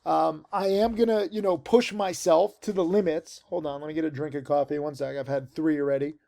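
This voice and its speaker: Recorded outdoors in a tent, this trading lesson comes from a man in his forties speaking in a rambling, emphatic monologue packed with fillers. His fairly high voice has vocal fry and a mellow quality, with fairly even intonation and a brisk pace.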